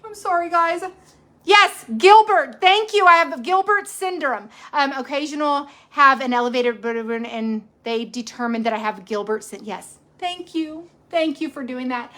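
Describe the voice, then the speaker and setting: A woman's voice: high voice, normal speed, a bit bright. A woman, chatting casually and rambling to her viewers as a cooking channel host. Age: 40s. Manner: rambling, chatty, self-correcting. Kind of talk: casual livestream chat.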